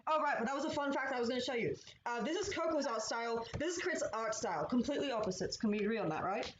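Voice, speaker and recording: A woman's voice: fairly high pitch, expressive, quick pace. A woman streamer chatting casually and laughing while she draws. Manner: giggly, chatty. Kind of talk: casual chat. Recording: roomy, dull stream audio with faint hiss.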